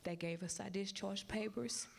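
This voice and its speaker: A woman's voice: medium pitch, moderate pace, gravelly, husky. A mother giving an emotional testimony at a church service, acting out what others said to her. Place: church sanctuary.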